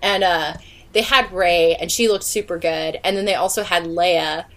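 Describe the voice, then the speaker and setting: A woman's voice: on the low side, steady tone, moderate pace, fairly bright tone. Chatty, rambling podcast woman. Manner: chatty and rambling, laughs often. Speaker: podcast co-host. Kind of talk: casual chat.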